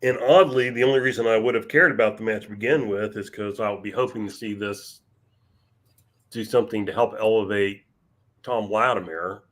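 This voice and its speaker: A man with a lowish voice co-hosts a podcast in casual chat. He talks in a measured way, with a wry, sarcastic edge to his remarks. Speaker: podcast co-host.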